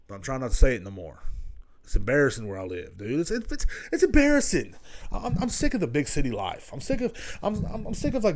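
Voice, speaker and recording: A young man hosts a podcast solo, his voice a little high and a little mellow. He's casual and profane, rambling loosely and jumping between stories.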